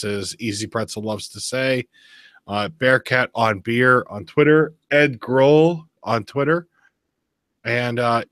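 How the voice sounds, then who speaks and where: Male podcast host, bright and dry, animated casual storyteller. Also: mid-range voice, dry recording. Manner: animated storyteller, swears freely. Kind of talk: casual chat.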